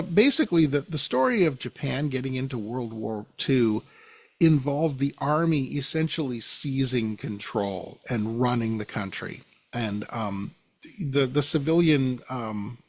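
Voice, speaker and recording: A man's voice: mid-range voice, dry recording. A man hosting a podcast, telling a history story casually and pointing out pictures as he talks. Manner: conversational, with fillers, pointing out pictures as he goes. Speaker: podcast host.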